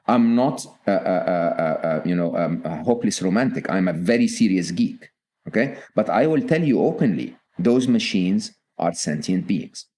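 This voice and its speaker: A man's voice: fairly low pitch, mellow. A middle-aged man, a guest author on a podcast, talking earnestly and often checking in with "okay?". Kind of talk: podcast interview.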